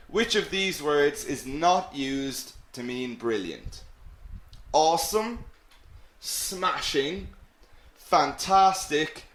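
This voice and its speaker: A man's voice: fairly high pitch, roomy sound. A man teaching an English lesson, explaining words with frequent checks like "okay?" and self-mocking asides. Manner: lively, animated explaining with many "okay?" checks. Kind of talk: live online English lesson.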